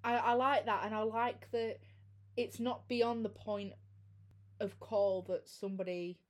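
A woman's voice: mid-range voice, steady tone, a little slow. Chatty woman recapping a film. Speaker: film discussion co-host. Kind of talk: casual chat.

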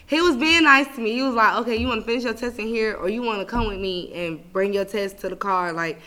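Bright-voiced young woman venting loudly. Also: fast talker. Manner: animated and profane, swinging between loud outbursts and low muttering. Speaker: podcast host. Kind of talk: casual venting chat.

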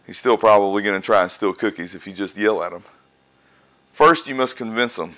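A man's voice: lowish voice, brisk, fairly bright tone, rough recording. A man preaching a conversational sermon to a live congregation in a church, often asking questions and answering them himself.

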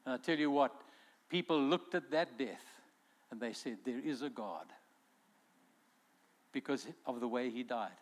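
A man's voice: mid-range voice, normal speed. A male pastor preaching a sermon in an earnest way, acting out quotes as he goes.

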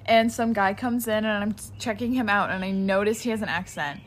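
A young woman co-hosting a casual podcast, telling long rambling stories packed with fillers. Her voice sits at a middle pitch. She is recorded outdoors with a faint hiss of background noise. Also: fairly quick. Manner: rambling, filler-heavy storytelling. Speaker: podcast co-host. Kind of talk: casual chat. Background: birds chirping.

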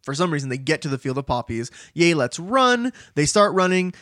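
A man's voice: on the high side, fast talker, a bit bright, dry recording, studio quality. A man co-hosting a podcast in casual chat, playful and jokey, laughing often. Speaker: podcast co-host.

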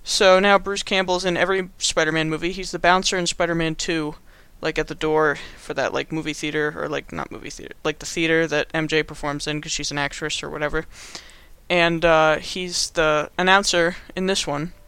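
A man's voice: on the high side, flat delivery, fairly quick, pushed and bright, clean tone, no room sound. A young man casually recapping a movie as a podcast host, rambling with lots of fillers and frequent laughs.

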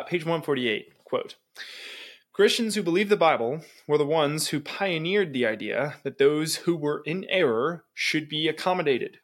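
A man's voice: medium pitch, fairly bright tone. A man co-hosting a podcast, reading book passages aloud and commenting on them emphatically, often asking "right?" and laughing between points. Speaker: podcast co-host.

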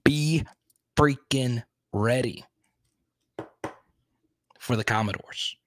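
A man's voice: mid-range voice, extremely slow, fairly bright tone. A young adult man hosting a casual sports talk show, rambling and thinking aloud, openly frustrated.

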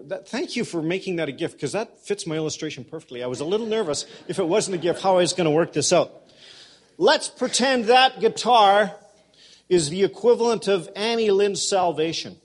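A man pastor preaching a sermon in a conversational way, with folksy humor, and speaking directly to people in the congregation. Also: high-pitched. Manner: addresses congregation members directly.

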